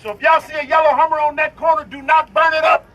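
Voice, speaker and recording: A man's voice: extremely high pitch, little pitch movement, fast talker, highs cut off, a little hiss or hum. A man, giving a rally speech at an outdoor protest in call-and-response style. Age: 50s. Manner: preaching call-and-response, shouting to a crowd. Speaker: protest speaker. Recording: loud crowd around the speaker. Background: crowd responding.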